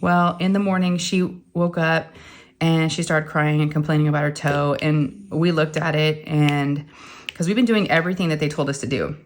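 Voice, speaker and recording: Lady just chatting away, rambly story, lowish voice. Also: steady tone, normal speed. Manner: rambling storyteller, acts out quotes. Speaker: crafting channel host. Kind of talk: casual chat while crafting.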